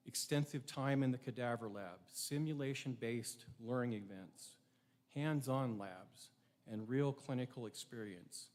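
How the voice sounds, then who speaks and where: With a mid-range voice of darkish tone, a middle-aged man gives a prepared speech at a ceremony. He comes across as earnest and reflective and turns to his audience with rhetorical questions.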